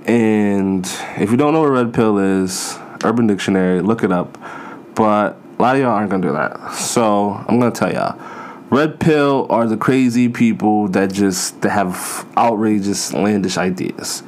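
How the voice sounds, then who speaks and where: A man's voice: lowish voice, darkish tone, a little hiss or hum. A man hosting a podcast, telling rambling, profane stories in a casual comedic monologue with self-mocking asides. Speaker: podcast host.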